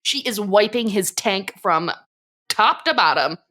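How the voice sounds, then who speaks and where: A woman co-hosting a podcast, recapping a cartoon episode in casual chat, animated and profane, laughing often and acting out quotes. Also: mid-range voice, a little slow. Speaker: podcast co-host.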